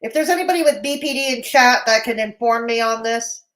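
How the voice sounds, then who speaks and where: A woman's voice: fairly high pitch, a little fast, fairly bright tone. A woman hosting a live commentary stream, blunt and mocking in tone, with a Canadian accent. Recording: roomy echo.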